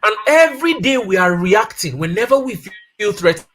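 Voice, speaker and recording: A man's voice: high voice, big pitch swings, fairly quick, fairly bright tone. A man in his thirties or forties talking casually about family life, telling personal stories and repeating key points for emphasis. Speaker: guest speaker on family life.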